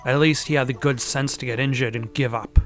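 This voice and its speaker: A man's voice: mid-range voice, fairly even intonation, brisk, lightly acted. A sour, unhelpful caretaker speaks with a broad, exaggerated Australian accent, as a man puts him on. He talks in short, dismissive lines for a video game scene, with faint music behind him. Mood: curt. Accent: exaggerated bad Australian accent. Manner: curt, dismissive. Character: grumpy unhelpful male caretaker.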